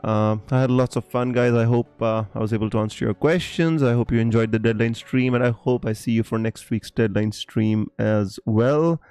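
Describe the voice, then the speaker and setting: A man hosting a fantasy football live stream in casual chat with his viewers, dramatic and quick to laugh and exclaim as he reads their comments. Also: mid-range voice, steady tone, a little mellow, clean tone, faint music behind.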